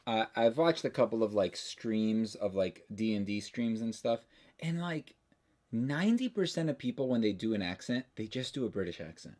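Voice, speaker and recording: A man's voice: on the low side, animated, moderate pace, darkish tone. A man hosting a livestream in casual chat, talking loosely and restarting his sentences often. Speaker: livestream host.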